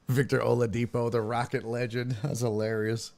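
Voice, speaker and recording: This gravelly, mid-range male voice belongs to a sports talk host on a laid-back stream, speaking into a desk mic at a normal pace. He's animated and foul-mouthed, joking around as he reads viewer chat out loud.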